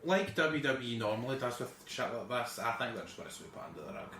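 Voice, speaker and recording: A man's voice: medium pitch, sing-song, fast, sharp tone, distant mic. A man chatting on a podcast, dropping in short, dry remarks. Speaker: podcast co-host. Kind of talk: casual chat. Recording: roomy, off-mic, faint noise.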